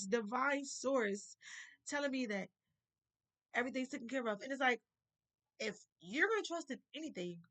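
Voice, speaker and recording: A woman's voice: high voice, a bit bright. A woman talking in a casual spiritual vlog, earnest and emotional, near tears at moments. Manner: emotional, earnest, heartfelt, at times tearful. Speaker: spiritual vlogger.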